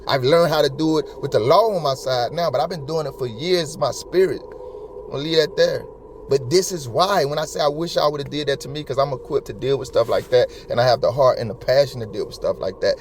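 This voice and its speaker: A man's voice: mid-range voice, fairly quick, a little hiss or hum. A man giving heated casual commentary as a true-crime YouTuber, slangy and passionate, and he keeps calling his listeners homie and bro. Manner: passionate and repetitive.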